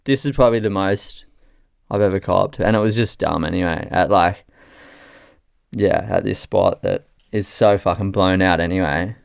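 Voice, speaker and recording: A man's voice: sits low, normal speed, creaky, clear, resonant tone, dry recording, clean studio sound. A young Australian man, a guest photographer, telling stories in a rambling, casual way with heavy swearing. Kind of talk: casual chat.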